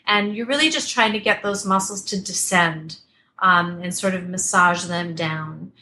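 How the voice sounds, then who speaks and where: A woman vocal coach explaining technique in a remote interview, animated and chatty, with frequent fillers and restarts. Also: lowish voice, a little slow, slight background noise. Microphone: desktop computer mic at a distance.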